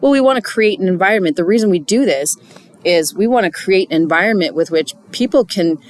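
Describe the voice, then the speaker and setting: A woman's voice: mid-range voice, lively intonation, a little fast, a little mellow. A middle-aged woman speaking to church volunteers in an earnest, chatty devotional talk, with many fillers and restarts.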